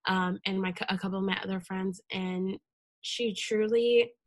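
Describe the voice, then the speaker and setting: A young American woman speaks as a podcast guest, sharing a heartfelt memory in an earnest, emotional way. Her voice sits in a middle pitch and is recorded dry and close, with no room sound. She talks casually, with many fillers and restarts. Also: steady tone, moderate pace, dry recording. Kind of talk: casual interview conversation.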